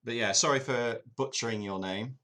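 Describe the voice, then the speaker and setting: A man's voice: mid-range voice, normal speed, sharp tone. An English man casually streaming a football management game, chatting with his viewers and poking fun at himself. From England. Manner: chatty, self-deprecating, talks to chat. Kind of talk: casual live-stream chat.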